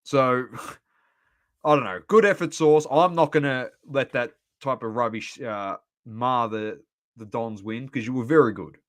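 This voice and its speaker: Animated Australian man ranting about footy. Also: medium pitch, measured pace. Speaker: podcast co-host. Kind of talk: casual sports chat.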